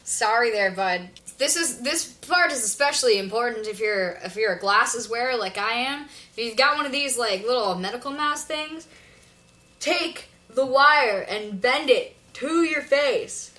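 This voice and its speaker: Bright-voiced Canadian woman, drawling hoser slang. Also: fairly high pitch, animated, measured pace, low-quality recording. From Ontario, Canada. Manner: drawling hoser replies, swearing. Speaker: comedy podcast co-host. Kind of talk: crude comedy sketch chat.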